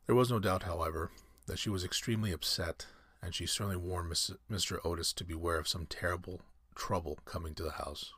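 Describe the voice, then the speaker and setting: A man reading a classic story aloud in measured, scripted narration. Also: sits low, steady tone, fairly bright tone, slightly rough, no room sound, studio quality.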